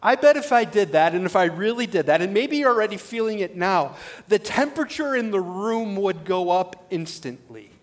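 A male pastor preaching an animated sermon, full of rhetorical questions. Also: high-pitched, normal speed.

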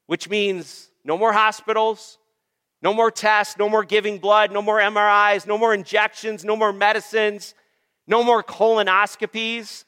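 A male pastor delivers an emphatic sermon with a high, bright and smooth voice. He draws out long repeated lists slowly and calls on the congregation for amens. The sound rings with a long church-hall reverb. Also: little pitch movement. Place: church sanctuary.

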